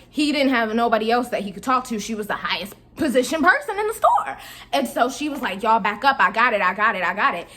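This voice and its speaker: Young woman on a storytime vlog, kinda high voice, chatty and slangy, talking to y'all. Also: a bit bright. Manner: chatty, slangy, talks straight to viewers. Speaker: vlogger. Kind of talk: casual storytime.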